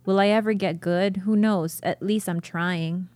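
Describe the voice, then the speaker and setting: A woman podcast host reading a diary aloud and chatting, emotional and quick to laugh. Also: mid-range voice, fairly even intonation, darkish tone, dry recording.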